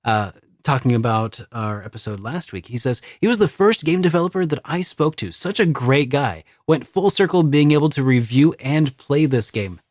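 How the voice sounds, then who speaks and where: A man's voice: medium pitch, lively intonation, moderate pace, a little mellow, no echo, studio quality. A man co-hosting a gaming podcast, rambling in easygoing chat with many restarts. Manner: rambling, lots of restarts and fillers. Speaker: podcast co-host.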